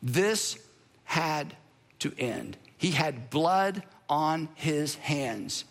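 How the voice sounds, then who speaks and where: A man preaching a sermon, telling the story in an animated way with playful humor. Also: fairly high pitch, extremely slow. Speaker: pastor.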